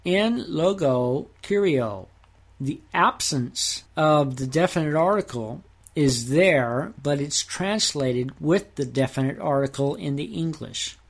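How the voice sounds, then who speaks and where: A man with a slightly higher voice teaches Bible Greek at an unhurried pace. He reads verses and grammar terms slowly and deliberately, in the manner of a scripted teaching podcast. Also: expressive.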